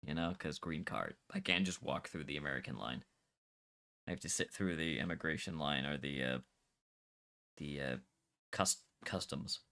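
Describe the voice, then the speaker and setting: A man's voice: extremely low pitch, moderate pace, creaky, pauses often. A young Scottish man chatting casually while gaming, arguing his point with energy and some swearing. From Scotland. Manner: animated, argumentative, swears freely. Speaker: Minecraft server streamer.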